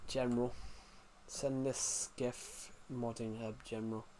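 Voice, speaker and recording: A man's voice: medium pitch, little pitch movement, slow pace, heavy background noise. Rambling male streamer. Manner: rambling, reacts to chat, restarts sentences. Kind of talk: casual live-stream chat.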